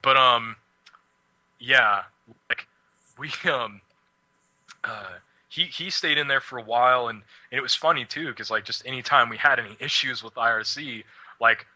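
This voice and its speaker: A man's voice: medium pitch, sharp tone, dry recording, low-quality recording. A young man co-hosting a casual radio show, rambling and swearing, laughing often. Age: young adult. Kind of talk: casual chat.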